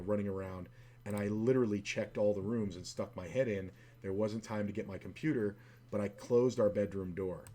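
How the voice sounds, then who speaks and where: Low-voiced man, swearing poker streamer. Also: warm tone, a little hiss or hum. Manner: profane, rambling, full of fillers. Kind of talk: casual storytelling while playing online poker.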